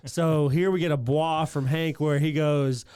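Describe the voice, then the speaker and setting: A man co-hosts a podcast, chiming in casually and backing up his partner's recap. His voice sits a bit high for a man, and the recording is dry and close. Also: steady tone, warm tone, clean tone, dry recording. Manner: chiming in with quick agreement. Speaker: podcast co-host. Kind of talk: casual chat.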